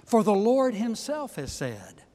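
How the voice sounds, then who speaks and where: Male pastor, high voice, deliberate delivery, emphatic sermon in a hall with long reverb. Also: wildly swooping pitch. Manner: emphatic, building from quiet asides to loud exhortations.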